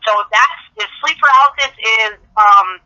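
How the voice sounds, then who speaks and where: A woman's voice: on the high side, moderate pace, bright, forceful tone. A middle-aged woman guest telling stories chattily over the phone, acting out the dialogue she quotes. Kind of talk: casual phone interview storytelling. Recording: dull phone-line audio.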